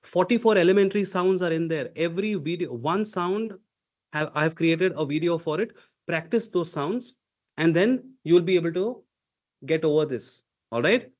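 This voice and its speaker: Male speech coach, high voice, dull audio, emphatic and demonstrative. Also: moderate pace, darkish tone. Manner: emphatic, drills sounds aloud, checks in with "okay?". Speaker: communication coach. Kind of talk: live online workshop coaching.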